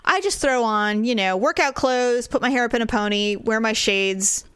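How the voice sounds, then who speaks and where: A woman in her forties telling a story in casual, animated chat as a podcast co-host. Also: on the high side, clear, resonant tone, no echo. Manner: chatty, animated, quick asides.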